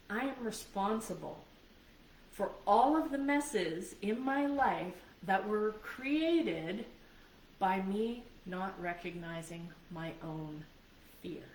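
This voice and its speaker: A woman's voice: mid-range voice, darkish tone. Roomy-sounding woman coach giving a training. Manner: earnest, conversational, checks in with listeners. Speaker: life and business coach. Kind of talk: live video training talk. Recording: roomy sound from a distant mic, faint background noise.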